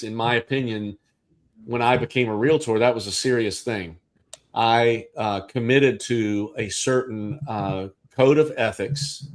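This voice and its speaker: Man, rambling livestream co-host, middle pitch, casual. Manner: rambling, with restarts and asides. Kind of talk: casual chat.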